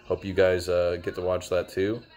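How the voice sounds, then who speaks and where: Low-voiced young guy, loose rambling reviewer, heavy on fillers. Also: level tone, moderate pace, darkish tone. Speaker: show reviewer. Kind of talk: casual video review.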